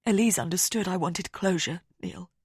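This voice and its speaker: A woman's voice: lowish voice, moderate pace, darkish tone, breathy edge, no room sound, studio quality. A woman voicing a distressed, tearful mother who feels guilty.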